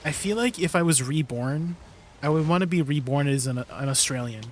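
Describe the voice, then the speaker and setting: A man's voice: a little high, lively intonation, normal speed, a little hiss or hum. A man streaming a game, chatting casually with his viewers in an easygoing way, with plenty of fillers. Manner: chatty and easygoing, many fillers, laughs often. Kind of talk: casual livestream chat with viewers.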